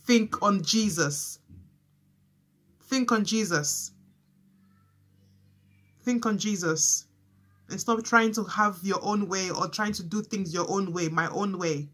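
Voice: mid-range voice, fairly bright tone. Fervent preacher, repeating phrases over and over. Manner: fervent and repetitive, many fillers and restarts. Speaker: preacher sharing a prophetic word. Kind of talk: informal spoken sermon.

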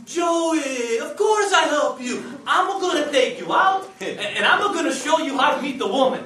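A man voicing a brash older Italian uncle who fancies himself a ladies' man, with a thick Italian accent and loud, emphatic delivery. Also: very high-pitched, animated, moderate pace, crowd noise, voice pushed up. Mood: boisterous. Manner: loud, emphatic, shouting advice. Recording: echoey hall, distant mic, noisy.

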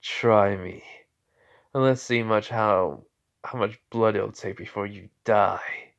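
A man's voice: lowish voice, fairly even intonation, slow pace, vocal fry, lo-fi sound. A man voicing a psychotic teenage boy killer who speaks in cold, mocking taunts. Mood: sinister.

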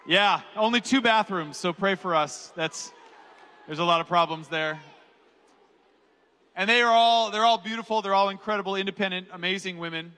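A man's voice: high-pitched, normal speed, smooth. A man in his forties giving a conference keynote, telling a personal story with jokes and acted-out quotes. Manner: animated, jokey storyteller who acts out quotes. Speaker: keynote speaker. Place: large conference hall. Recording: reverberant hall.

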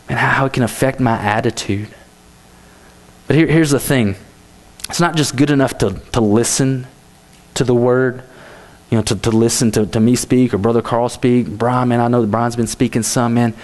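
A man's voice: mid-range voice, a little mellow. A man giving a youth sermon in a church, speaking casually with many "you know"s and restarts.

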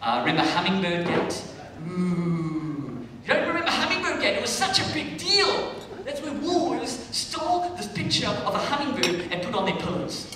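A South African man doing stand-up comedy, loud and swearing, with shouted punchlines. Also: sits high, sing-song, moderate pace, crowd noise. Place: comedy club stage with a laughing crowd. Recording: echoey club room taped from a distance.

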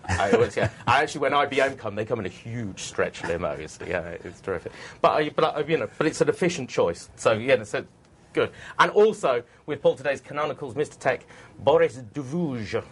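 Jokey studio host. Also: male voice, medium pitch, lively intonation, a little fast, a bit bright, breathy edge. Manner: jokey, teasing, rambling with restarts. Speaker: webcast host. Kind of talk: hosting a studio tech webcast.

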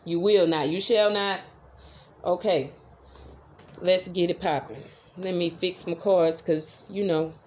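A woman's voice: fairly low pitch, fairly even intonation, takes it slowly, pauses often, darkish tone, highs cut off, slight background noise. A woman giving a casual tarot reading, chatty and swearing freely, with affirmations she repeats over and over. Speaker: tarot reader.

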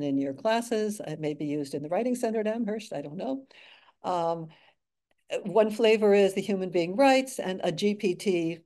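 An older woman giving an academic slide lecture, measured with dry asides and frequent fillers. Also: lowish voice, warm tone. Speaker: guest speaker.

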